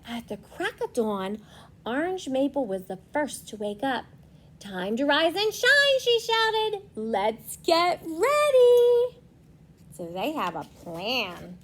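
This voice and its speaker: A young woman, a preschool teacher, reading a storybook aloud to children and gently asking them questions. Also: a little high.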